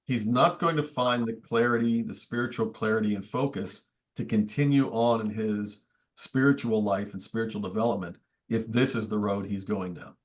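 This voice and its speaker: A man's voice: fairly low pitch, moderate pace. A man, a priest, teaching a book study group in a conversational, thoughtful way with wry asides. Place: church meeting room.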